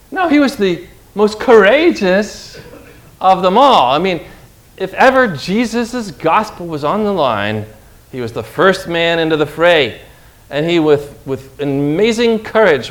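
A man preaching a sermon with emphasis, often putting questions to his listeners by name. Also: sits high.

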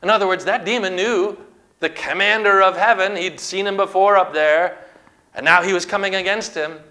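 A male preacher delivers a sermon in an emphatic, declamatory way. His voice is bright and forceful, sitting a little high for a man. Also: fairly even intonation, moderate pace. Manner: emphatic, declamatory preaching, reading scripture aloud.

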